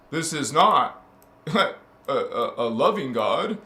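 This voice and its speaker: A man's voice: medium pitch, big pitch swings, slow pace, sharp tone. A man preaching as a spiritual teacher. He speaks fervently and needles his listeners with rhetorical questions, stammering and restarting his phrases. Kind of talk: preaching monologue. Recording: roomy echo.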